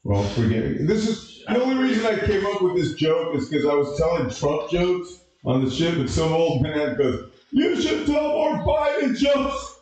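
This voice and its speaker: A man doing an open-mic stand-up set, halting with lots of uh and restarts. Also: fairly high pitch, sing-song, a little mellow, distant mic. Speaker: stand-up comedian. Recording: echoey room from a live mic.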